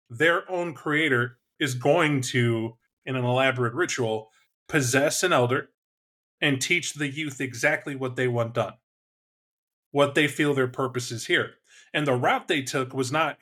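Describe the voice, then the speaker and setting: A man in casual conversation about tabletop games, animated and quick to act out voices. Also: mid-range voice, slightly rough. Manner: animated, acts out voices and shouts in bursts.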